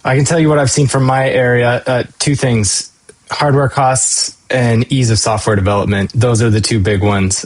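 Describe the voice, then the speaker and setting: A man's voice: mid-range voice, fairly even intonation, normal speed. A man speaking as a guest on a university panel, explaining in a conversational way with some fillers. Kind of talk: casual panel discussion.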